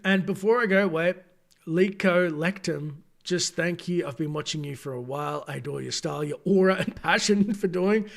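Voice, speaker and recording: His voice runs on the high side with a creaky edge. Hosting a gaming channel's late-night live stream, the man talks loosely to chat, stopping to correct himself, clearly fatigued at this late hour.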